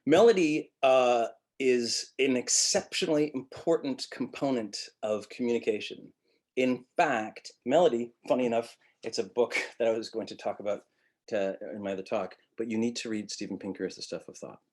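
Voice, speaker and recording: A middle-aged man from Montreal teaches acting in a relaxed webinar lecture. His speech rises and falls in a very melodic way, and he breaks into little vocal demonstrations to make his points. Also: medium pitch, moderate pace.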